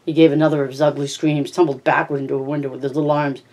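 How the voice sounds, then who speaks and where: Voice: medium pitch, level tone, very fast, darkish tone. An amateur audiobook reader narrating a novel in the first person, stumbling and correcting words along the way. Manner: reads with slips and self-corrections.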